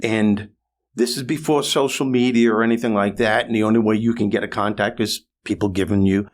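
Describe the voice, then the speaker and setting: A man in his sixties, a comedian and motivational speaker, telling a story as a guest in a podcast interview, animated and building to louder, faster peaks. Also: on the low side.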